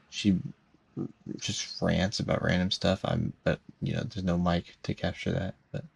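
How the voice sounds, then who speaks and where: A man's voice: deep voice, creaky, slight background noise. A young man rambling hesitantly while commenting on his own gameplay, often restarting his sentences, recorded on a cheap home mic. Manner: hesitant, halting, many restarts.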